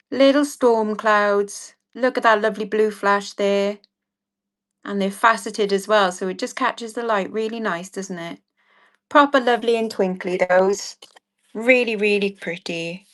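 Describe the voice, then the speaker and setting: Woman, mid-pitched, chatty live-stream seller, cheeky and giggly, rambles on. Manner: bubbly, rambling, laughs often, cheeky asides. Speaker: live online jewellery auction seller.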